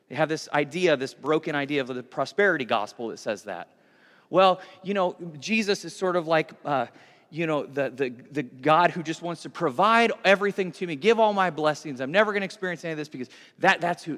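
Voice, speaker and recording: A man preaching with a high, light voice, talking in a casual, animated way and often restarting his sentences. His words ring out with the long reverb of a large hall. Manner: conversational, animated, with repeated restarts. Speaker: pastor. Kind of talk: sermon.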